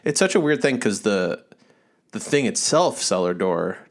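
A man's voice: lowish voice, big pitch swings, a little slow. A man in his thirties from Massachusetts, co-hosting a casual podcast in a rambling, laid-back way. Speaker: podcast co-host. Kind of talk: casual chat. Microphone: remote call mic.

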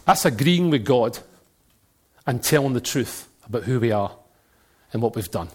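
A middle-aged man with a Glaswegian accent preaching a sermon, telling animated stories and jokes and now and then breaking into shouts. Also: mid-range voice, moderate pace, breathy edge.

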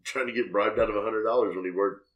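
Low-voiced man telling a crude story. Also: steady tone, quick pace, echoey room, muffled recording. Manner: slangy, profane, rambling. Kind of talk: casual storytelling.

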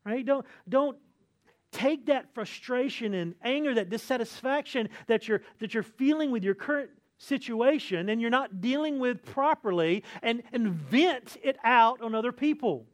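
A man's voice: very high-pitched, animated, moderate pace. A pastor preaching a sermon in a conversational way, often checking in with his listeners by asking "right?". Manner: acts out complaining voices with sighs.

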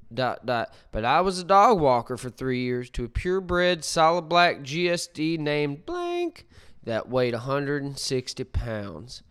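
A man voices a blunt, self-assured woman handing out tough dog-training advice. The reading is slow and steady. The tone is smooth and clear. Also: on the high side, full character voice.

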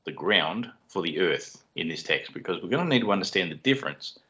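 A man speaks in a low register as he works through scripture with calm, methodical explanation and a dry wit. The recording sounds somewhat dull and lo-fi. He is a podcast co-host. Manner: measured, explanatory, dry humor. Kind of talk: teaching Bible study podcast.

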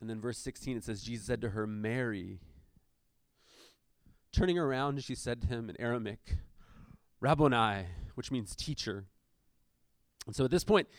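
Smooth-voiced man preaching casually. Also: mid-range voice, no echo, studio quality. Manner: explains verses with casual asides and fillers; shifts between reading aloud and lively commentary. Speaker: pastor. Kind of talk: conversational sermon with scripture reading.

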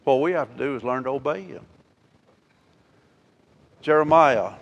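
A man's voice: medium pitch, normal speed, gravelly, lo-fi sound. Preacher man in a reverberant hall. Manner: swings from loud emphatic declaring to quiet intimate asides; asks the congregation rhetorical questions. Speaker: pastor. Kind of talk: sermon. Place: church sanctuary.

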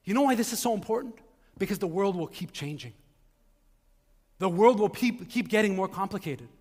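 A man's voice: high voice, expressive, moderate pace, darkish tone. A man preaching a sermon as pastor, talking in a loose conversational way and acting out the voices of the people he quotes. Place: church sanctuary. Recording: long reverb of a large hall.

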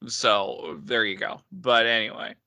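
A man's voice: fairly low pitch, unhurried, vocal fry, sharp tone, no room sound. A man from New England with a Mid-Atlantic accent, co-hosting a casual chat full of laughing banter.

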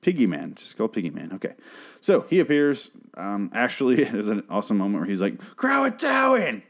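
A man with a somewhat low voice talks through a TV episode in one loose, unscripted monologue. He rambles, swears freely and interrupts himself, often breaking into exaggerated snippets of the characters' dialogue. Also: brisk. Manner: rambling, profane, self-interrupting, quoting characters in animated voices. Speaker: show recapper. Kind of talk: casual recap monologue.

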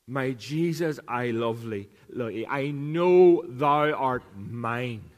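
A man's voice: mid-range voice, slow, big-room sound. A man preaching a sermon as pastor, earnest, repeating key lines for emphasis. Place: church.

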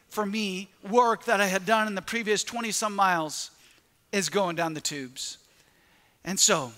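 High bright-voiced man preaching in a hall. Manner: animated storyteller, acts out his own reactions. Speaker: pastor. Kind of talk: sermon with personal story. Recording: echoey hall with long reverb.

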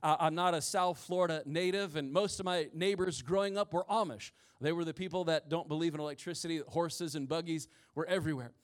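A man's voice: a little high, fairly quick, few pauses. A man in his forties, a pastor preaching a sermon to his congregation, telling stories with humorous asides. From rural Midwest of the US. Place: church before a congregation.

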